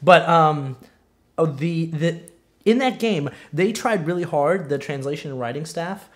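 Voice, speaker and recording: A man's voice: on the high side, a little slow. A man co-hosting a casual chat podcast, rambling off on tangents with lots of ums and restarts. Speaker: podcast co-host.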